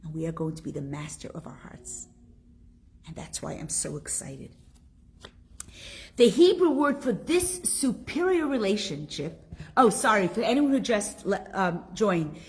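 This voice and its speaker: Leading a live online religious class, a woman with a slightly rough voice reads viewers' comments aloud. She speaks with emotion, climbing high when excited and dropping to near-whispers.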